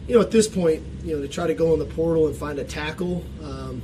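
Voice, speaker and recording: A man speaking as a football coach at a press conference, answering in a measured, hesitant way with many ums. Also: a little high, recorded from a distance, noisy background.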